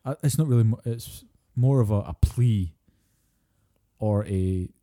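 A man's voice: on the low side, a little slow, warm tone. A Scottish man co-hosting a podcast, chatting casually and ranting with plenty of swearing. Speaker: podcast co-host.

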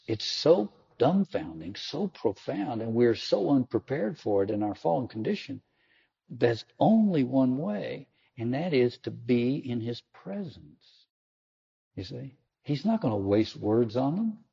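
A man giving a reflective sermon-style talk on the Gospel, acting out quoted lines with sudden high jumps in pitch. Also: big pitch swings, measured pace, creaky, warm tone, breathy edge. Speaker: Catholic teacher or preacher. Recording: dull lo-fi recording.

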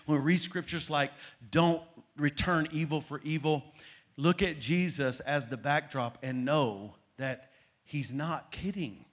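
A middle-aged man preaching a sermon, moving between loud, emphatic peaks and low, quiet asides. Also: measured pace. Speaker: pastor.

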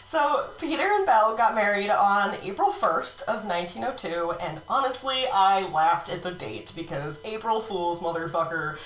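A woman's voice: mid-range voice, lively intonation, normal speed, hardly any pauses, fairly bright tone. A woman co-hosting a casual true-crime podcast, giggling often and losing her place in her notes. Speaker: podcast co-host. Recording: roomy, distant mic.

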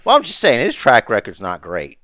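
A man's voice: medium pitch, huge pitch swings, a little fast, pushed and bright, no echo, clean studio sound. A man co-hosting a podcast, chatting casually with lots of restarts and jokes. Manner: rambling, joking, many restarts. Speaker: podcast co-host. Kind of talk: casual wrestling chat.

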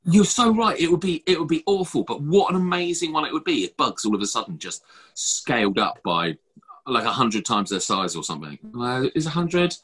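A man's voice: mid-range voice, very animated, a little fast, a bit bright, husky. A man hosting a podcast, chatting casually and rambling with lots of fillers and restarts. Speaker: podcast host. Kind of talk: casual chat.

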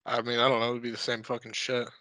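A man with a bright, sharp-edged voice, rambling through deadpan ideas in casual podcast chat. He swears freely. The recording is dry and close. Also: medium pitch, rapid-fire, no echo. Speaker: podcast co-host.

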